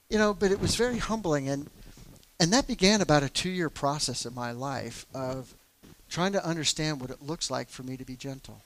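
A man's voice: fairly high pitch, moderate pace, fairly bright tone, slight background noise. A middle-aged man and church elder telling a personal story in casual talk, candid and self-deprecating, with many fillers.

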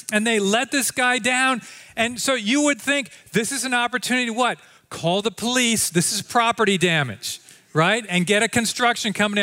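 A man preaching a sermon in a church, telling the story in a conversational way that swings from lively to quiet and slow. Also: high voice. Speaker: pastor. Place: church sanctuary.

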